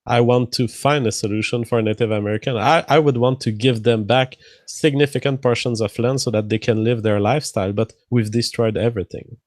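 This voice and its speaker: A man's voice: mid-range voice, steady tone, a little fast, hardly any pauses, darkish tone, no room sound, studio quality. French-accented man co-hosting a stream. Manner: earnest, stammers on sentence starts, laughs at himself. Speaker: co-host. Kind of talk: casual livestream chat.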